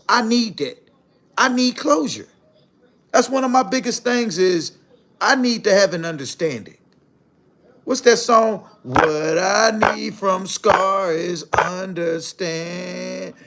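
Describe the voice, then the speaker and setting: Blunt, profane older streamer. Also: male voice, high-pitched, animated, a little slow, long pauses, fairly bright tone, a little hiss or hum. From Mississippi, USA. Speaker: live stream host. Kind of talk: live commentary reacting to clips.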